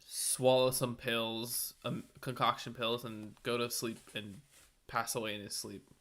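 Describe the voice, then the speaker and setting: A man's voice: mid-range voice, little pitch movement, a little slow, a bit bright. A man co-hosting a TV aftershow in casual chat, rambling through jokey tangents. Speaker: aftershow co-host.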